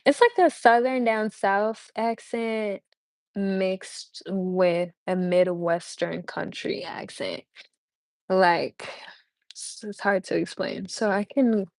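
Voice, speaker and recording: Woman, livestream host, unhurried rambling chat, close dry mic. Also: on the low side, animated, creaky, a little mellow, dry recording. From United States. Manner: rambling, laughs often, many fillers. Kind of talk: casual live chat.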